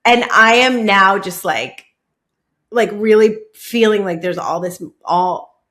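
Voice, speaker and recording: Woman podcast host, casual storytelling, mid-pitched voice, hesitant and filler-heavy delivery. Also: fairly bright tone. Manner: halting, heavy use of "like", many restarts.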